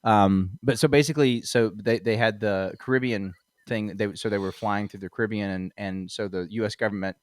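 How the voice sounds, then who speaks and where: A man's voice: fairly low pitch, fairly even intonation, fairly quick, no room sound, studio quality. A man hosting a comedy podcast, talking in a rambling way with many fillers and frequent laughs. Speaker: podcast host. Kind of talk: casual comedy podcast chat.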